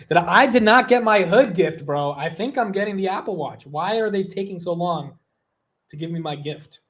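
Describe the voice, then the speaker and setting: A young man hosts a livestream in a loose, rambling way, drifting between topics and reading viewer messages aloud. His voice sits a bit high for a man, and he swears casually as he chats. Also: lively intonation, moderate pace. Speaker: livestream host.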